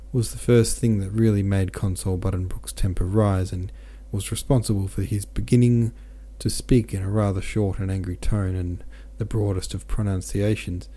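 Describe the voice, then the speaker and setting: A man's voice: lowish voice, fairly even intonation, moderate pace, hardly any pauses, dark tone. A man who hosts a podcast, reading a novel aloud in a plain way with small stumbles, then signing off casually. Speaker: podcast host and audiobook reader.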